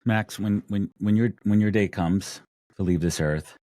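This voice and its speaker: A man's voice: on the low side, measured pace, dark tone, no echo, clean studio sound. A man hosting a podcast, interviewing his guest in a chatty, self-deprecating way. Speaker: podcast host. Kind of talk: conversational interview.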